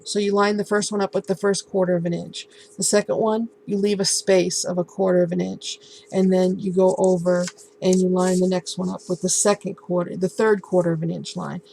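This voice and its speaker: A woman casually showing and explaining a handmade album in a relaxed, halting way, with many ums and restarts. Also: fairly low pitch, vocal fry, slight background noise, rough recording. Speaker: crafting vlogger. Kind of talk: casual show-and-tell craft tutorial.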